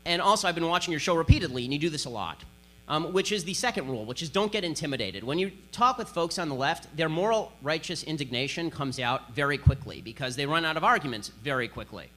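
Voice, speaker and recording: Combative man giving a bright speech. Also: fairly high pitch, lively intonation, fast. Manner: combative, sarcastic, emphatic. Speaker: conservative speaker. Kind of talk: political speech to an audience.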